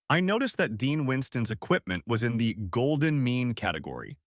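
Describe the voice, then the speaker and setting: A man narrating a first-person story in an expressive storytelling manner. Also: medium pitch, normal speed, hardly any pauses, no echo, clean studio sound.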